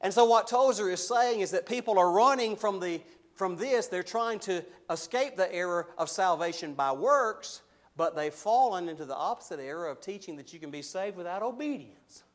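A man preaching a sermon, animated, rising loud when voicing objections and dropping low and slow for solemn points.

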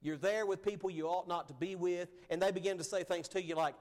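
A man's voice: fairly high pitch, steady tone, brisk, hardly any pauses, a little mellow. A man preaching a sermon in an earnest, conversational way, his emphasis rising and falling as he goes. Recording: long hall reverb.

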